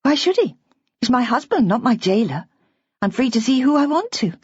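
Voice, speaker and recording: A woman reader voices a devoted young bride, raised high above her own register, husky and raw. She bristles at every challenge and speaks with a catch of tears. The audiobook recording is dry and slightly muffled. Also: very animated, normal speed, a little mellow, dry recording. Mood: defiant. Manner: high, emotional and indignant, voice breaking at times. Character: tearful, defiant young wife, passionately devoted. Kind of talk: audiobook character voice.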